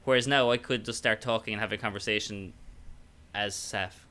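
A man's voice: lowish voice, fairly even intonation, moderate pace, bright, forceful tone, clean tone. An Irish man talking casually about tabletop roleplaying, rambling with lots of fillers and restarts. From Ireland. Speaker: podcast guest, tabletop player. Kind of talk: casual chat.

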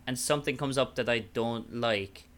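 An Irish man in easy conversation, his voice bright and clear with a smooth ring. He rambles through his thoughts, leaning on fillers and starting sentences over. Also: mid-range voice, moderate pace. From Ireland. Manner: rambling, full of fillers and restarts. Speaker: podcast guest, tabletop player. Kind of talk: casual chat.

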